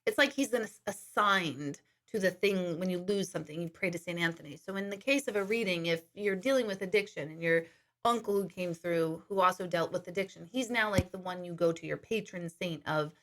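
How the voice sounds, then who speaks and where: A woman's voice: medium pitch, fairly quick, a bit bright. A woman working as an intuitive medium, chatting casually on a live stream, reading viewer questions aloud and laughing often.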